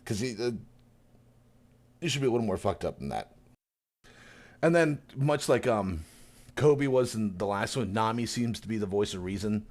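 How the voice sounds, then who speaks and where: A man's voice: lowish voice, moderate pace, pauses often. A man recapping a story in a casual podcast chat, acting it out eagerly and laughing often. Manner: animated storyteller who acts out quotes, laughs often. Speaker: podcast co-host, new reader.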